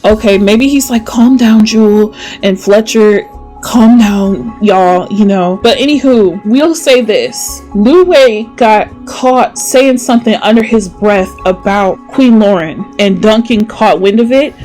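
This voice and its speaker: A young woman talks her viewers through her life-sim story in a loose, slangy, chatty way. Her voice sits in an ordinary middle range. Soft music plays faintly underneath. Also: mid-range voice, unhurried, few pauses, rough recording. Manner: casual, slangy, talks to viewers, laughs easily. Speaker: Sims storytelling creator. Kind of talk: chatty game commentary and storytelling.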